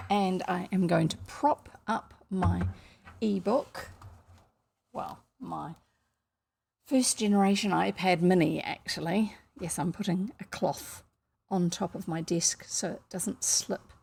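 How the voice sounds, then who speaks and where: A woman's voice: on the low side, creaky, a little mellow, a little hiss or hum. A woman with a New Zealand accent, a reader chatting at her desk before reading a book aloud, rambling and correcting herself as she goes. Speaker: audiobook reader. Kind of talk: casual chat before a reading. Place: home desk. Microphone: desk microphone.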